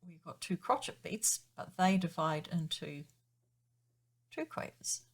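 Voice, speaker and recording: On the low side and unhurried, this piano teacher's voice is expressive as she chats through a music theory lesson. She explains time signatures patiently and counts beats out loud.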